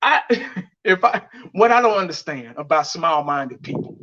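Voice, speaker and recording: A man's voice: fairly high pitch, lively intonation, moderate pace, sharp tone. A man giving blunt, heated fan commentary on his vlog, laughing mockingly as he rants. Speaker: fan vlogger. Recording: dull lo-fi audio.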